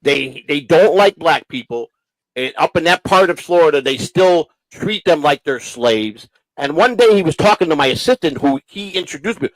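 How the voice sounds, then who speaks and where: A man hosting a casual talk show, telling long rambling stories with halting restarts. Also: on the high side, lively intonation, no echo, poor audio. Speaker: show host. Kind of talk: casual storytelling chat.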